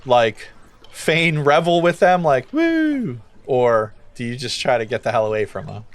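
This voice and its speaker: A man narrating as game master of a tabletop game, casual and animated. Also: medium pitch, normal speed. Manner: casual, animated storytelling with many fillers.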